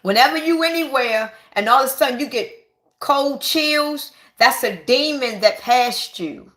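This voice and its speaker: A woman, giving an excited, emphatic spiritual monologue to her viewers and repeating herself for stress. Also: sits high, measured pace. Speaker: spiritual vlogger. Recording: echoey room.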